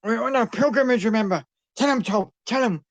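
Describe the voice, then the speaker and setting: A man's voice: very high-pitched, a little fast, no room sound. A man voicing an indignant bearded male goblin pilgrim who squawks bossy demands.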